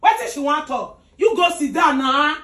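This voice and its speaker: A woman with a Nigerian accent in a comedy skit, pleading to calm someone down. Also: high voice, normal speed, roomy sound.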